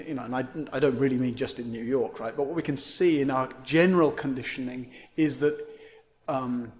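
A man's voice: on the high side, darkish tone. A man giving a meandering, reflective dharma talk as a meditation teacher, often checking in with "right?". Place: meditation center.

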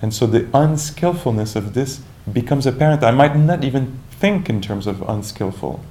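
A man giving a calm, reflective dharma talk as a meditation teacher, searching for words with many restarts and asides. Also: medium pitch, normal speed.

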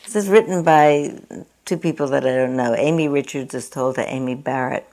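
A woman's voice: very deep voice, normal speed, a little mellow. A woman meditation teacher giving a dharma talk at a meditation center, chatty and self-mocking, often laughing at herself.

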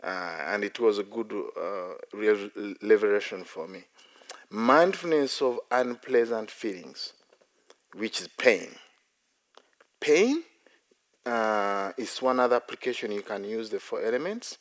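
At a meditation retreat, a monk speaks in a lowish, animated voice at a measured pace during his dharma talk. Playful in manner, he tells stories at his own expense and chuckles frequently between phrases.

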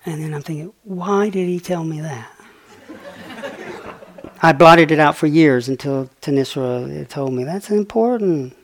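Male dharma teacher, animated storyteller, voice sinks to a soft hush for key lines. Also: a little high, unhurried. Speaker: meditation teacher. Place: meditation retreat hall.

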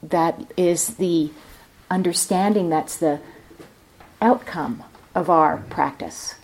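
Slow, low-voiced woman meditation teacher. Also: a little mellow. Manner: reflective, thinking aloud as she explains. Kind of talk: dharma talk at a retreat. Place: retreat center.

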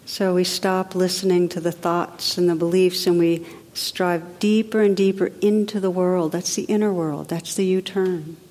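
A woman meditation teacher giving a spiritual talk in a gentle, reflective, unhurried way with soft drops in her voice. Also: lowish voice, fairly even intonation. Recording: long reverb of a large hall.

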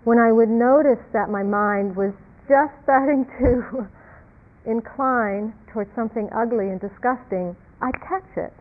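A woman meditation teacher giving a reflective dharma talk, halting and repeating words, with soft laughs. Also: fairly high pitch. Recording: tinny phone-like lo-fi sound.

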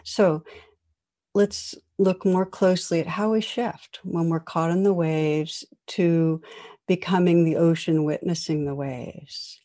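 A woman meditation teacher giving a dharma talk, leading listeners through reflection in a gentle, unhurried way with soft pauses. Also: fairly low pitch, fairly even intonation.

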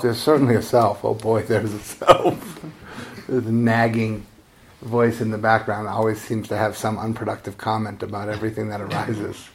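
A man giving a dharma talk as a meditation teacher, in a relaxed, conversational, self-deprecating way with frequent chuckles. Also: fairly low pitch, slight background noise.

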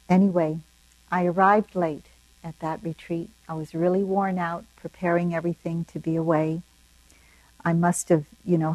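In a dharma talk, an older female meditation teacher recounts a personal story in a gentle, reflective, unhurried manner. She speaks at a fairly low pitch, with no room sound and poor audio.

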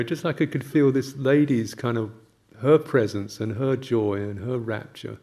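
Older monk guy telling stories, gravelly voice, soft laughs, halting and gentle. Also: mid-range voice, steady tone. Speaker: Buddhist monk teacher. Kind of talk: reflective talk with anecdotes.

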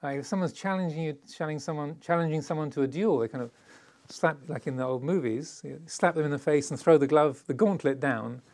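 A man's voice: on the high side, a little fast, few pauses, darkish tone. A middle-aged man, giving a conversational Dharma talk as a meditation teacher. He talks playfully, laughs often and acts out little quoted voices.

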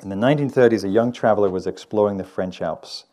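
A man from England giving a meditation dharma talk, telling stories in a gentle, conversational way. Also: on the low side, quick pace. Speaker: meditation teacher. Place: meditation hall with audience.

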